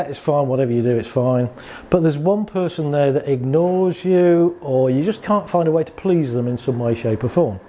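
Mellow-voiced man giving a talk. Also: on the high side. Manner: chatty storyteller, acting out quotes with laughs. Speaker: speaker on anxiety and relationships. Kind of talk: talk to a live audience.

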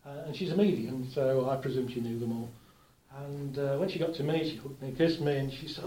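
A man giving a relaxed, chatty talk to a live audience, telling anecdotes with gentle humour. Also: on the high side, fast talker, reverberant, slight background noise, poor audio. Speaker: workshop speaker.

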